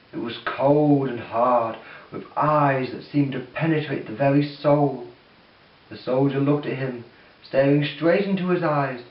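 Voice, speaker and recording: A man's voice: medium pitch, far from the mic. A man reading a story aloud in a plain, uneven pace as amateur narrator. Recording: dull echoey recording from off-mic.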